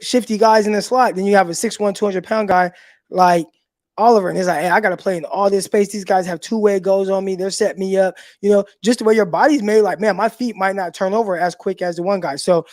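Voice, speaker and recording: A man's voice: high-pitched, steady tone, brisk, darkish tone, dry recording. A man hosting a live sports call-in show, talking loosely with fillers and casual swearing. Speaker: sports podcast host.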